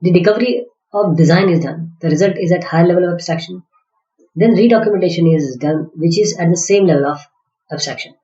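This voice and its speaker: Halting male lecturer, echoey room. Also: sits high, mellow. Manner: halting, with many fillers and restarts. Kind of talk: slide-based lecture. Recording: dull, echoey classroom recording.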